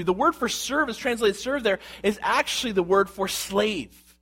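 A man with a fairly high voice delivers a sermon. He reads scripture aloud, then explains it in an expressive preaching manner and asks rhetorical questions. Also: a little slow, breathy edge. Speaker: pastor.

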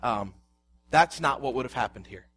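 A man's voice: mid-range voice, lively intonation, normal speed, fairly bright tone, slightly rough. A man preaching a sermon, reading scripture aloud and explaining it with rhetorical questions. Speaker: pastor.

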